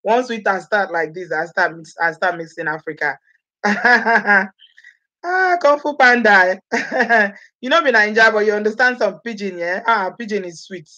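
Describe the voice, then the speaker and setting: A woman's voice: mid-range voice, measured pace, pushed and bright, muffled recording. A woman from Edo State with a Nigerian accent, chatting on a live vlog, greeting viewers by name and slipping into Pidgin. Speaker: vlogger host.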